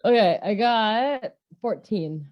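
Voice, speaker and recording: A woman's voice: mid-range voice, animated, slow, dull audio. A woman playing a tabletop game, chatting in a giggly, playful way. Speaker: player. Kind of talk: casual tabletop game chat.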